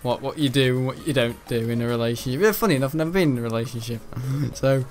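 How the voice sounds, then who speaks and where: Soft music plays behind a gaming streamer as he rambles through casual livestream chat, cracking jokes and laughing a lot. He talks at a quick pace in a medium-pitched voice.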